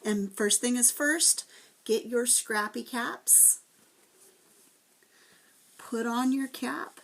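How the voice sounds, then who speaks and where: A woman teacher reading a chapter book aloud to first graders, with gentle, expressive storytelling. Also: fairly high pitch, very slow, creaky.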